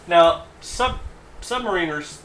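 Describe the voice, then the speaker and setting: A man in his forties hosting a talk radio show, telling animated anecdotes with halting asides. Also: high voice, echoey room.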